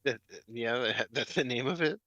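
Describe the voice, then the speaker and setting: A man co-hosting a casual comedy podcast, dropping crude deadpan one-liners. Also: mid-range voice, moderate pace, no echo, lo-fi sound. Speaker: podcast co-host.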